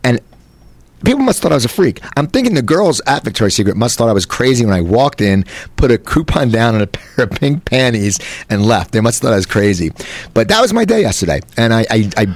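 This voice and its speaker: A man's voice: medium pitch, big pitch swings, brisk, dry recording. A man in his late forties from New Jersey, hosting a casual talk show and telling stories in a rambling way with many restarts. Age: 40s. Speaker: host.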